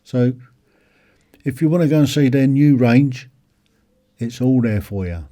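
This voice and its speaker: A man's voice: mid-range voice, measured pace, dark tone. A man rambling casually about a motorbike show, with plenty of ums and restarts. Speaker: motorcycle vlogger. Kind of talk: casual walkaround commentary.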